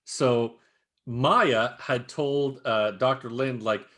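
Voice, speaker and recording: A man's voice: mid-range voice, slow pace. A man co-hosting a casual podcast, swearing a lot and acting out movie scenes as he retells them. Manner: animated, swears constantly, acts out movie scenes. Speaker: podcast co-host. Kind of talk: casual chat.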